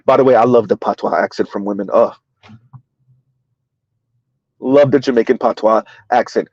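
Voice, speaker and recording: A man's voice: fairly low pitch, normal speed, darkish tone, slightly rough, no room sound, muffled recording. A man hosting a casual livestream commentary, emphatic and rambling, chuckling between points. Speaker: commentary channel host.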